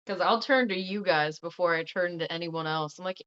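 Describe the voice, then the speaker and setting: A woman co-hosting a casual family chat, telling stories in a relaxed way and laughing easily. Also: fairly low pitch, clean tone. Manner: relaxed storytelling, quick to laugh. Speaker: podcast co-host. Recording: dull lo-fi audio.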